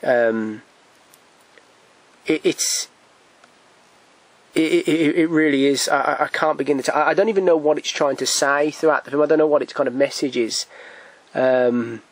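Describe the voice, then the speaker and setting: A man's voice: fairly high pitch, moderate pace, pauses often, no echo. A man casually chatting about films he has bought, rambling with frequent restarts and stammered repeats, blunt and given to swearing and chuckling. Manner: blunt, swears, chuckles at his own stories. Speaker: video collector reviewing his purchases. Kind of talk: casual film chat.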